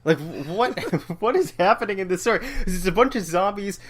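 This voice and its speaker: A man co-hosting a casual comics podcast, animated and acting out quoted lines with a laugh. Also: high-pitched, moderate pace. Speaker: podcast co-host. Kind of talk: casual chat about comics.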